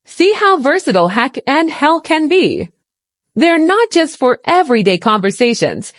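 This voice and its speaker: A woman narrating a scripted English lesson in a clear, explanatory way, acting out example phrases. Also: sits high, very animated, normal speed, no room sound, studio quality. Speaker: English teacher.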